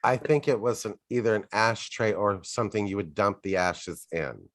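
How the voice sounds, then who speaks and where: A man's voice: fairly low pitch, moderate pace, a bit bright, dry recording, clean studio sound. A man co-hosting a podcast, chatting casually in a frank, offhand way with a bit of swearing. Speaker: podcast co-host. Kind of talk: casual chat.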